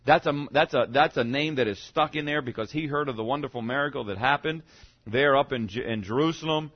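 A man preaching a sermon to his congregation, swinging from loud to hushed as he goes. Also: mid-range voice, brisk. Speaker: pastor. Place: church sanctuary. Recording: dull lo-fi sound.

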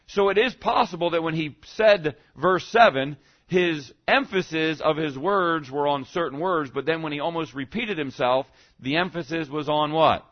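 A man's voice: fairly high pitch, normal speed, dull audio. A male pastor preaching a teaching sermon in a conversational way, often checking in with the congregation and punching key words for emphasis.

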